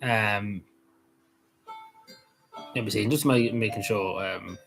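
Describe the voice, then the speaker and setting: A man's voice: fairly low pitch, takes it slowly, creaky, music in the background, rough recording. A man with a Cavan Irish accent hosting a livestream, chatting casually, rambling and repeating himself as he answers viewers' messages. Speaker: livestream host.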